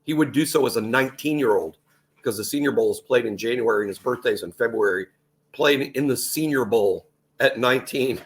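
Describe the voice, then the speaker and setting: A man's voice: mid-range voice, a little fast. Man recapping a football game on a podcast. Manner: steady, recapping plays. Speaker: podcast co-host. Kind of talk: casual sports podcast analysis.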